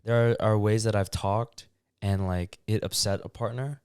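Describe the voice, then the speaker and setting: Young male podcast co-host, low-pitched, dry close mic, relaxed rambling chat. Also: normal speed, smooth, no room sound. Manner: relaxed, rambling, many fillers. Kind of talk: casual chat.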